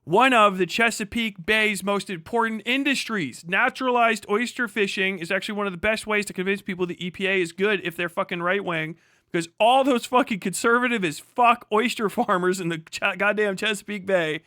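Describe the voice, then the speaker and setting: A man streaming live, reacting to a video with profane, excitable, rambling commentary. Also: sits high, normal speed, clean tone, no room sound, studio quality.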